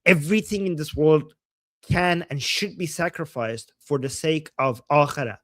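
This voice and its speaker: A man from Iran, hosting a livestream and talking in a heated, profane way that often rises to shouting. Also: a little high, expressive, normal speed, no echo. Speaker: host. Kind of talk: livestream commentary.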